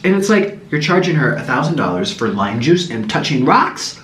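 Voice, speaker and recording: A man hosting a mukbang, telling gossipy stories in an animated way. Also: mid-range voice, moderate pace. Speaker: host. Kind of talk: casual storytelling during a mukbang. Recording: echoey room with faint noise.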